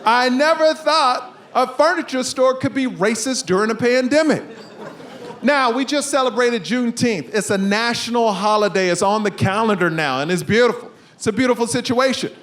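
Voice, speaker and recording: A man's voice: very high-pitched, moderate pace, a bit bright, slight background noise. A male stand-up comedian on a club stage, punchy and calling out to the audience. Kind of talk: stand-up set.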